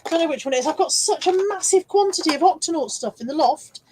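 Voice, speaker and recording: A woman's voice: sits high, expressive, fast talker, darkish tone, a little hiss or hum. A woman hosting a casual live stream, showing car boot finds and reading viewer comments with chatty, self-mocking asides, hiccuping now and then.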